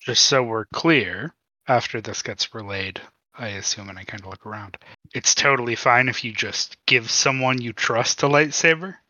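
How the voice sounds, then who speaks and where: A man's voice: medium pitch, moderate pace, bright, forceful tone, poor audio. A man playing a tabletop role-playing game, chatting casually and thinking aloud. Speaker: player.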